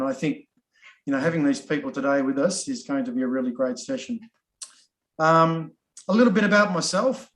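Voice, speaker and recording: A middle-aged Australian man talks easily and chattily, sprinkling ums as he goes. His voice sits a little higher than most men's. The video-call sound is roomy and echoey. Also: normal speed. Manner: chatty, frequent ums and restarts, easygoing. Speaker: course facilitator. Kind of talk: casual self-introduction in an online session.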